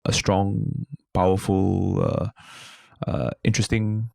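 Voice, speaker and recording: A man in his thirties with a Singaporean accent, telling stories as a comedian guest on a casual podcast, lively and quick to mimic voices. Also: low-pitched, creaky, no room sound, studio quality. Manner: animated storyteller, slips into mimicry.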